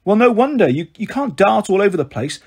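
Earnest young girl, pleading and caring, slightly husky , read by a man. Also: sits high, very animated, brisk, darkish tone, pitched above the performer's own voice, heavily acted.

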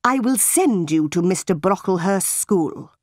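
A woman's voice: fairly low pitch, animated, unhurried, no room sound, clean studio sound. A woman reading a cold, scolding aunt. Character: cold, harsh middle-aged aunt.

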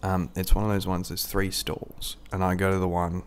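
Low-voiced Australian man telling a rambling tale. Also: monotone, normal speed, smooth. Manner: rambling, crude and self-mocking, laughs at his own story. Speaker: storyteller. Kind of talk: casual anecdote.

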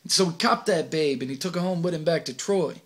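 A man's voice: a little high, brisk, fairly bright tone, natural voice. A man acting a cocky streetwise teenage delinquent in a stage monologue, boastful and slangy, recorded on a home video camera. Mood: swaggering. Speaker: actor in an audition monologue.

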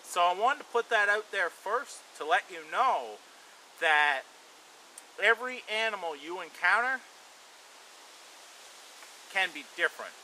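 A man with a bright, sharp voice, pitched a little above the usual, tells a story casually and at an easy pace. He rambles a bit and leans on "you know" as he goes. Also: a little slow, pauses often, a little hiss or hum, low-quality recording. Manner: relaxed, rambling, frequent "you know" fillers. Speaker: bushcraft and survival channel host.

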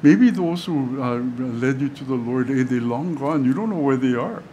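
Pastor, man, mid-pitched, teaching in a chatty, halting way, faint hiss behind. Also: lively intonation, warm tone, lo-fi sound. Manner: conversational, halting, many fillers and restarts. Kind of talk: sermon. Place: church sanctuary.

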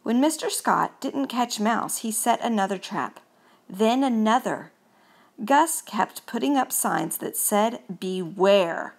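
A woman reading a picture book aloud to children, telling the story in an expressive, unhurried way. Her pitch sits a little high and moves lively, and a gravelly fry creeps in at phrase ends. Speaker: storybook reader.

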